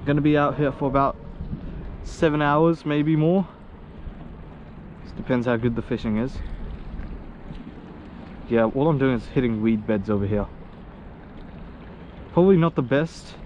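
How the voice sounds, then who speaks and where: A young man from Australia, vlogging casually while fishing outdoors on a sea wall, excitable and slangy, laughing often. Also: mid-range voice, measured pace, pauses often, highs cut off, slight background noise. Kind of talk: casual outdoor vlog commentary.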